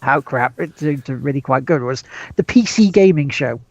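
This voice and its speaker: A man's voice: medium pitch, lively intonation, moderate pace, vocal fry, no echo. Rambling man host on a dull lo-fi mic. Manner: rambling with many fillers. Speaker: podcast host. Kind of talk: casual chat, reading out viewer chat.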